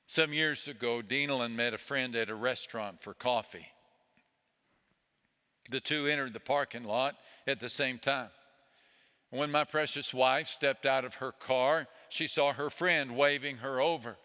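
A man preaching a sermon as a pastor, speaking in a gentle, soothing way that often sinks low and soft. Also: unhurried, smooth. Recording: long hall reverb.

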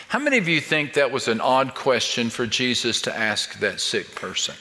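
A man's voice: medium pitch, very animated, normal speed, few pauses, sharp tone. An older man preaching a sermon as pastor, speaking emphatically and building his point through rhetorical questions. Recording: long reverb of a large hall.

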